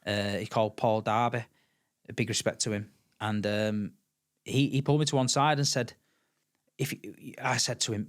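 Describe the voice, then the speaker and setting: A podcast guest, a middle-aged Englishman with a fairly low voice, chats casually at a normal speed. His storytelling is animated, with the voices in his tales acted out and words repeated.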